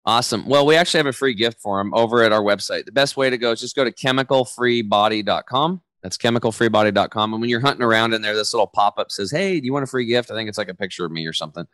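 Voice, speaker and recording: A man in his forties, a podcast guest talking in a loose, energetic, casual way and acting out quoted voices as he tells stories. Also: fairly low pitch, rapid-fire, few pauses, no echo. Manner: energetic, loose storyteller who acts out quotes. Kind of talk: casual interview chat.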